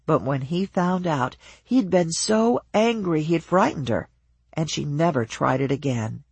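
An audiobook narrator reading a novel in an even, measured storytelling voice. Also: medium pitch, gravelly, breathy edge, no room sound.

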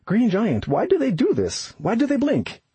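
A giddy, boyish young hiker, playful and full of wonder, as a man puts him on. The voice sits high and sounds breathy and husky. It is dry and close. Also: huge pitch swings, normal speed, dark tone, no room sound, exaggerated voice. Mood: curious. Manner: giddy, wide-eyed, playful.

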